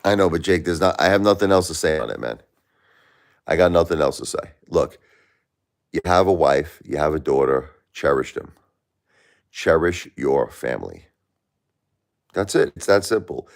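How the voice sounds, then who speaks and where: Gravelly, very deep-voiced man. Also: lively intonation, normal speed, long pauses. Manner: blunt, repetitive, preachy advice. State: close to tears. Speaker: livestream host. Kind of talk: emotional live-stream talk to a caller.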